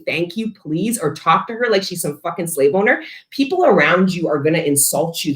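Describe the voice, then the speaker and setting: A woman giving a collective tarot reading, talking bluntly and profanely with rambling asides. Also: lowish voice. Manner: rambling, self-interrupting asides. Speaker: tarot reader. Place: her studio. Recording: echoey room.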